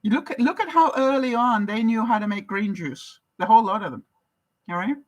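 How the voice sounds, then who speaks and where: A woman's voice: a little high, fairly quick, rough recording. An older woman from Canada talks casually to her viewers as she answers their comments. She chats along easily, laughs often and keeps asking her audience questions. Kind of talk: casual live-chat talk.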